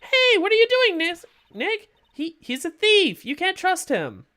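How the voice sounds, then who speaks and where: A woman's voice: extremely high pitch, wildly swooping pitch, unhurried, fairly bright tone, voice pushed up, full character voice. A woman voicing a perky young female sidekick in a raised, eager way.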